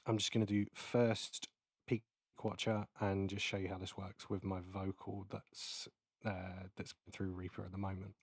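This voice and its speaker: Low-voiced man demoing software. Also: level tone, normal speed, no echo, studio quality. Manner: casual, explanatory, many fillers. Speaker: keynote presenter. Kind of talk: live software demonstration. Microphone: close mic into recording software.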